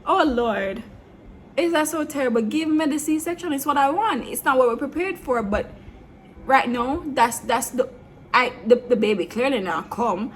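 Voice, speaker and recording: A young woman telling a storytime vlog, blunt and animated, slipping between patois and standard English. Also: high-pitched, moderate pace, slight background noise. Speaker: vlogger. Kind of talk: storytime monologue.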